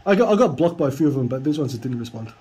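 A man's voice: mid-range voice, lively intonation, very fast, dark tone, husky. A man reading out chat logs with dry, mocking comedic commentary. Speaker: video creator.

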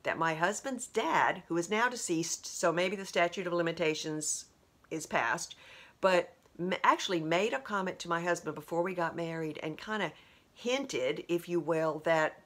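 A woman's voice: on the low side, normal speed, a bit bright. A woman in her sixties hosting a podcast, talking in a chatty, rambling monologue full of asides and laughs. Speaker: podcast host. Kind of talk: casual monologue.

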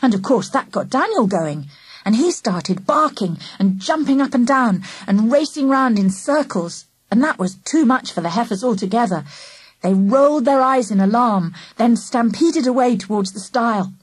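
A woman narrating a children's story aloud in a lively, animated first-person voice. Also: a little high, moderate pace, breathy edge, dry recording. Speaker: audiobook narrator.

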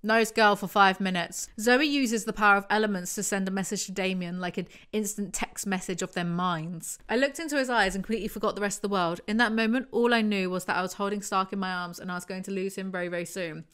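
A woman reads book passages aloud in an even voice pitched in the middle of her range, then drops into sarcastic commentary. Her asides are wry and snarky, like a reviewer roasting the story as she goes. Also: fast, few pauses, smooth.

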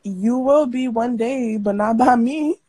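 A young woman with a husky edge to her voice, talking bluntly and defiantly on a livestream. Her words come fast and cutting. The sound is close and dry. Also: on the high side, dark tone, no echo, rough recording. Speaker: livestream guest. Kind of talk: livestream argument.

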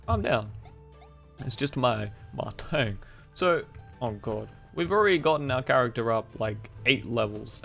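A man's voice: mid-range voice, a bit bright. A man playing a video game and chatting to his viewers in a goofy, joking way. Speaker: gaming YouTuber. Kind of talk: casual let's-play commentary. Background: faint game music.

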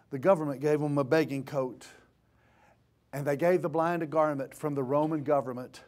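A man preaching a sermon in a church, swinging from impassioned shouting to hushed tones. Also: medium pitch. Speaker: pastor.

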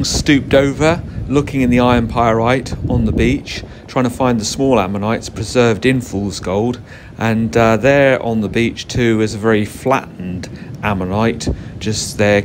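A man giving a relaxed, explanatory walking commentary while fossil hunting outdoors on a beach. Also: lowish voice. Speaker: fossil hunter vlogger. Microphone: camera mic, wind noise. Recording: wind noise on an outdoor mic.

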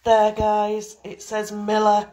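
Excited woman, echoey chapel. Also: mid-range voice, slow pace. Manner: breathless, repeats herself, laughs often. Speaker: ghost hunter. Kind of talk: excited casual chat. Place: old chapel building at night. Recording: echoey hall, noisy background.

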